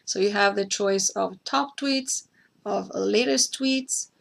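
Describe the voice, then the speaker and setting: A woman walks viewers through a screen-share tutorial, going step by step and repeating the key points so nobody gets lost. Her voice has a noticeable gravelly edge, and it sits at an ordinary middle pitch. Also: slow. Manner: addresses a co-host by name. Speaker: host.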